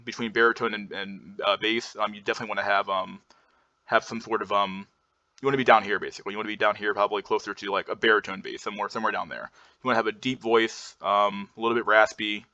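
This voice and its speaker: A man's voice: lowish voice, pushed and bright. A man presenting slides in a casual lecture, rambling with many fillers and restarts and blunt swearing. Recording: dull lo-fi recording.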